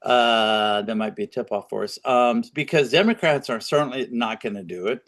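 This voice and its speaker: A man's voice: medium pitch, moderate pace, few pauses, a bit bright. A man co-hosting a political podcast, talking in a rambling, opinionated way with frequent restarts. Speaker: podcast co-host. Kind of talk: casual political chat.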